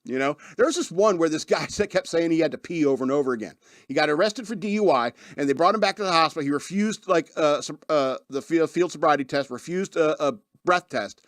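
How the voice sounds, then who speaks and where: A man's voice: on the high side, brisk, dry recording, studio quality. Rambling, laughing male podcast host. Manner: rambling, laughs often, acts out quoted voices. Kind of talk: casual monologue.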